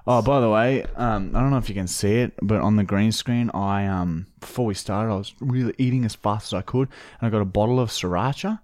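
An Australian man co-hosting a podcast, excitable and swearing freely in crude casual banter. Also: fairly low pitch, brisk, dry recording. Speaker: podcast co-host.

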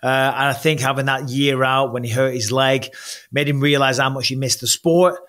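A man's voice: mid-range voice, steady tone, normal speed, a bit bright. A middle-aged man from England talking bluntly and animatedly in a casual podcast chat, swearing freely as he tells stories. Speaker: podcast guest.

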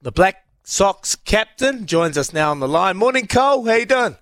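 A man's voice: high-pitched, big pitch swings, normal speed, fairly bright tone, no echo. A man hosting a casual radio sports show, laid-back and chatty.

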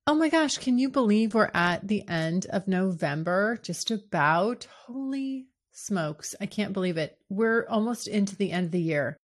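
Bubbly, frank woman podcast host. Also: medium pitch. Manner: bubbly, frank and giggly, with excited bursts. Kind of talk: candid sex-talk podcast monologue.

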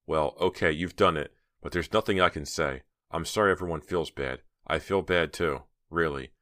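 A man's voice: a bass voice, normal speed, a bit bright, no echo, clean studio sound. A man voicing a defensive teenage girl, talking in tense, clipped lines.

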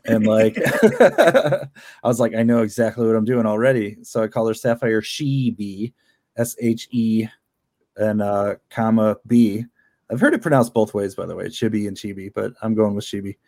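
Chatty low-voiced man with frequent laughs. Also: steady tone, moderate pace, a little mellow. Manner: rambling, chatty, laughs often, many fillers. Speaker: comic book creator. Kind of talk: casual interview chat.

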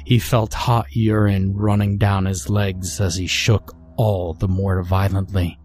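Slow, dark-voiced horror narrator. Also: male voice, sits low, little pitch movement, soft background music. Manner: slow, measured, brooding delivery. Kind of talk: scripted horror story narration.

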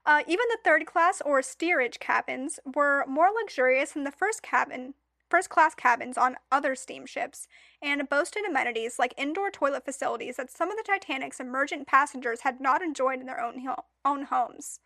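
A woman's voice: sits high, moderate pace, pushed and bright, dry recording, clean studio sound. A woman co-hosting a podcast, chatting casually and reading notes aloud in a playful way, laughing often. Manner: playful, laughs often, stumbles over long read passages. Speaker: podcast co-host. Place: podcast studio.

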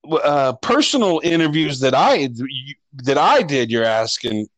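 A podcast co-host tells a long, rambling story in casual chat, swearing a lot and restarting often. His fairly high, fairly bright voice has a sing-song lilt and a measured pace. The audio is poor but has no echo.

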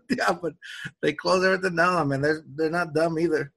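A man's voice: on the high side, fairly even intonation, fairly quick, gravelly, a bit bright. A man co-hosting a podcast, chatting casually, rambling and restarting sentences, laughing easily. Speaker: podcast co-host. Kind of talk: casual chat.

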